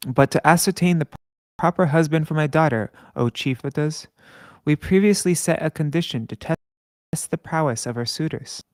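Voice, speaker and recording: A man reading scripture aloud with commentary. He chants verses slowly and stops to correct his own slips. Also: fairly high pitch, a little mellow, dry recording. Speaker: scripture reader.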